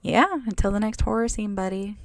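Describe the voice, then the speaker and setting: A woman hosting a podcast, telling a story in casual chat with animated, profane delivery. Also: mid-range voice, fairly quick. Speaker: podcast host.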